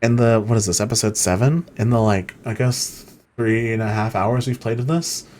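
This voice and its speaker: A man's voice: fairly low pitch, steady tone, moderate pace, a little mellow, slight background noise. A man giving let's play commentary, rambling and heartfelt with lots of fillers. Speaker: game streamer.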